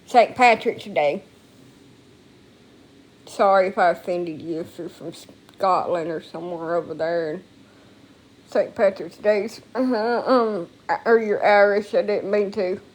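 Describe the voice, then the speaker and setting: A woman talks into her phone at home in a loose, rambling monologue. She sounds emotional and swears freely. Her voice sits at an ordinary middle pitch. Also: unhurried. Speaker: vlogger. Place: at home, indoors.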